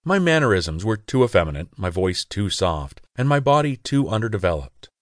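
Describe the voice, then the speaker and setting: A man's voice: lowish voice, big pitch swings, normal speed, no echo. A man reading a first-person audiobook in an intimate, confessional way, on a close studio mic. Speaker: audiobook narrator.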